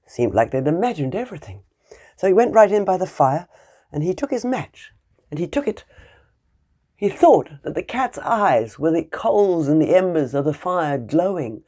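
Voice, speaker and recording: A woman teacher tells a fairy tale to young children in an animated, playful way. Her pitch swings widely as she acts out the scenes and the animal noises. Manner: animated and playful, with sound effects.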